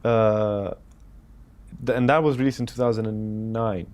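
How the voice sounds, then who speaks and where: Lower-voiced man telling a story. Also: unhurried. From United Arab Emirates. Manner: animated, quotes others while telling anecdotes. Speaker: film director guest. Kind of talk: casual interview storytelling.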